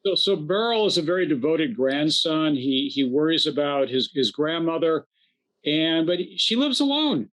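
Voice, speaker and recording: A man's voice: fairly high pitch, big pitch swings, a little slow, fairly bright tone. A man, a rabbi co-hosting a casual talk, reflective and fond of humor. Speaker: rabbi, co-host. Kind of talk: casual conversation.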